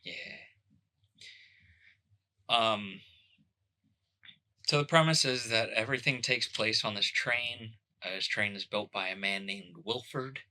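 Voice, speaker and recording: A man co-hosting a podcast, chatting casually with dry, deadpan sarcasm. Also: on the low side, takes it slowly, long pauses. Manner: deadpan sarcastic, rambling with fillers. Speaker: podcast co-host. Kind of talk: casual chat.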